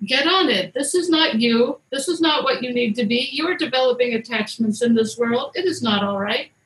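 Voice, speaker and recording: A woman's voice: fairly high pitch, expressive, normal speed, fairly bright tone, roomy sound, poor audio. A woman storyteller voicing Shiva, an irritated male god who scolds and bosses others around, in an indignant, raised voice. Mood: scolding. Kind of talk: storytelling podcast.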